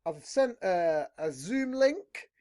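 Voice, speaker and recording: Lively, foul-mouthed podcast host. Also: male voice, sits high, slow pace. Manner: swears constantly, rambling and blunt. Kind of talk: casual podcast chat.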